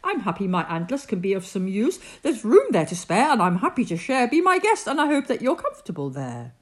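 A woman voicing a big, kind-hearted male moose in a bedtime story, gentle and good-natured. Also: mid-range voice, big pitch swings, a little fast, close to an everyday voice.

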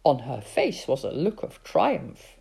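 Low, mellow woman reading a storybook. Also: very animated, slow, creaky, husky. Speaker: narrator.

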